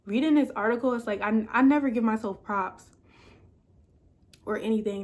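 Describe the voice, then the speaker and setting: Chatty excited woman vlogger. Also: mid-range voice, a little fast. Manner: excited, emotional, chatty with fillers. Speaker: content creator. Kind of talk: casual vlog talk.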